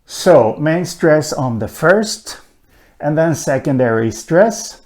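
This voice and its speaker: A man giving a linguistics lecture, talking slowly with many "uh" fillers and an occasional dry aside. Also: a little high, animated, darkish tone. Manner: slow, hesitant, frequent "uh" fillers, dry asides. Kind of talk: recorded online lecture.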